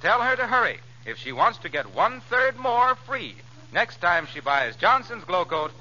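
A man's voice: high-pitched, very animated, moderate pace, sharp tone. A man, a radio announcer, reading a scripted ad with an urgent salesman delivery. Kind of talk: scripted ad read. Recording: dull lo-fi old radio recording.

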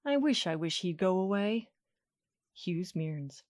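A woman giving a dramatic reading of a short story in a wry, measured way. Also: on the low side, animated, darkish tone, no room sound, clean studio sound. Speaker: story reader.

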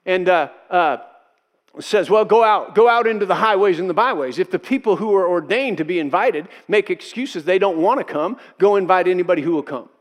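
A man with a notably high voice preaches a sermon in an emphatic style. He drives his points home by repeating key phrases and briefly acts out the people he quotes. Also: expressive, fairly quick. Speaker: pastor.

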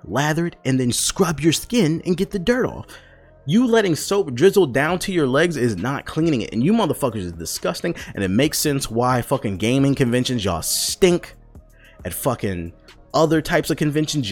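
A grown man ranting loudly and profanely, scolding his audience with emphatic repetition. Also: fairly high pitch. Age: adult. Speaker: vlogger. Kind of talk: profane comedic rant.

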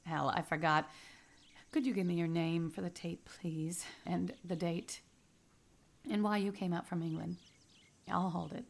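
A woman's voice: fairly low pitch, steady tone, measured pace, vocal fry. A woman playing an eager, curious novelist. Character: eager young woman novelist researching expats. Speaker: interviewer. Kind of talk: radio drama acting.

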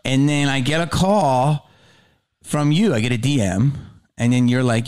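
A man hosting a podcast, chatting casually and telling stories with an excitable, joking manner. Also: medium pitch, normal speed. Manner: excitable, joking, animated storytelling. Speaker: podcast host. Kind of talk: casual interview chat.

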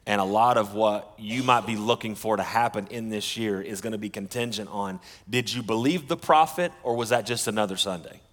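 A male pastor preaching with a low voice. His earnest delivery stops and restarts often, and his words carry a long reverb through a large church hall. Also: fairly bright tone. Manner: earnest, halting, with frequent restarts. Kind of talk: sermon.

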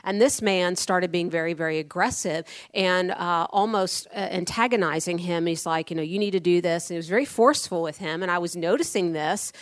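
A woman's voice: on the low side, fairly quick, hardly any pauses, no echo. A woman from Tampa, Florida, preaching a sermon, a pastor telling rambling personal stories with firm, blunt dry humor. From Tampa, Florida, USA.

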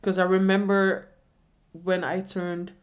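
A woman's voice: fairly low pitch, flat delivery, slow pace. A woman in her twenties telling a personal story in a reflective way, often repeating questions to herself. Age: 20s. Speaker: vlogger.

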